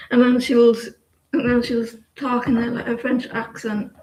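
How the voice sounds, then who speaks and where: The audio is poor, roomy and a bit noisy in the background. On it, a fortysomething tarot reader with a fairly high, darkish-toned voice rambles through a live-stream reading and casual chat, stumbling over fillers and restarting often.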